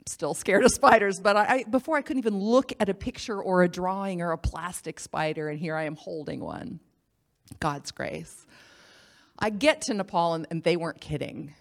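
A woman giving a personal testimony as a missionary, telling her story in a lively way and acting out the voices of the people she quotes. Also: lowish voice, normal speed, gravelly. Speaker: missionary speaker.

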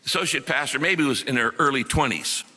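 A man's voice: medium pitch, fast talker, pushed and bright, long reverb tail. A middle-aged man preaching a sermon, telling a story earnestly and acting out the quotes.

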